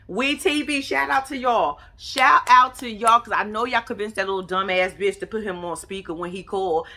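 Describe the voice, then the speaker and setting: A woman giving a profane, sassy, animated recap commentary. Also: mid-range voice, normal speed, hardly any pauses. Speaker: reality TV recap vlogger. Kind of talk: casual commentary.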